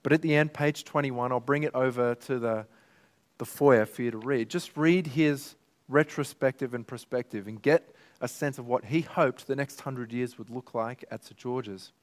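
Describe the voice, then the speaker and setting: Man, pastor, sermon, earnest, mid-pitched voice. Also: normal speed. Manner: earnest, emotional, rises to emphatic peaks. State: tearful at times.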